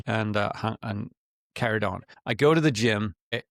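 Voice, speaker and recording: A man's voice: lowish voice, normal speed, vocal fry, fairly bright tone, no echo, studio quality. A middle-aged man and podcast co-host, candidly retelling a business story with quoted dialogue in a casual chat.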